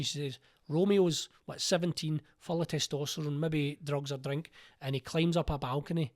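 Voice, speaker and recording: A man with a Glaswegian accent, an actor telling stories in a casual interview and acting out the lines he quotes. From Scotland. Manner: animated, acts out quotes with raised pitch. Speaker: actor and playwright, guest.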